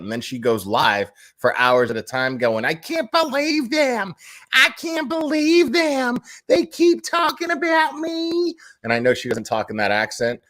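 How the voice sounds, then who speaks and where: A man hosting his own channel, giving blunt opinions in casual commentary. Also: medium pitch. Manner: animated and opinionated, with frequent restarts. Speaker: channel host.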